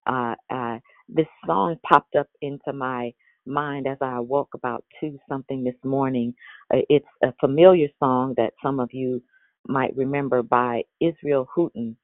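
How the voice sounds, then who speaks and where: Older lady doing a daily devotional, expressive and animated, sounds like it's over a phone, really dry. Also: rumbling low, measured pace, no echo. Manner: expressive, uses voice inflection. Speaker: devotional host. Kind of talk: live devotional teaching. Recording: tinny phone-like line.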